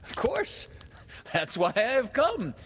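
A man reading aloud and voicing Peter, a boy who never grew up, in a high, boyish, insistent voice. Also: huge pitch swings, unhurried, creaky, warm tone, long reverb tail, slight background noise, heavily acted. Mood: stern.

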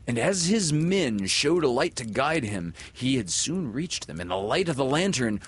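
A man reading a children's story aloud in an expressive, dramatic way. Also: mid-range voice, a little hiss or hum.

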